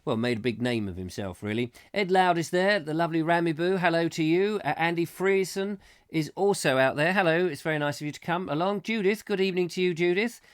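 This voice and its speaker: A man's voice: fairly high pitch, lively intonation, fairly quick, smooth. Playful English man hosting with a cold. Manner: playful, rambling, slips into silly put-on accents. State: has a cold, coughing. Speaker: chat show host. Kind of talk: live comic chat show, reading viewer comments.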